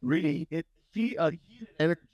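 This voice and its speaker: A playful young man co-hosts a podcast, teasing the others and reading listener shout-outs. His voice is slightly high and sounds dry and close. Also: moderate pace, no room sound. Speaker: podcast co-host. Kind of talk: casual banter, shout-outs.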